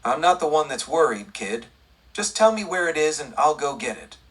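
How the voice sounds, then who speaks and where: A man voicing a cold, menacing male outlaw gunman in an audiobook western, speaking slowly and deliberately. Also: on the high side, very animated, fairly bright tone, slightly rough, far from the mic, heavily acted. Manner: slow, deliberate, icy.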